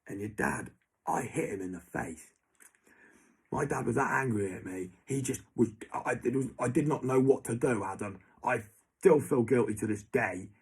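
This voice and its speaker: A young man with a medium-pitched, darkish, breathy voice rants angrily at normal speed to someone who isn't there. He swears heavily and keeps repeating that person's name.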